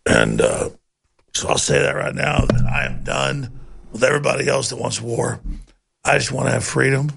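A man's voice: mid-range voice, expressive, moderate pace, creaky, a bit bright, slightly rough. A man hosting a talk radio show, ranting with heated, repeated rhetorical questions. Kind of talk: loud talk radio rant.

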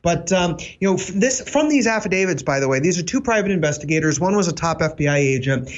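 A man speaking as a guest commentator on a political talk show, halting with lots of fillers and a wry edge. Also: on the high side, animated, dull audio.

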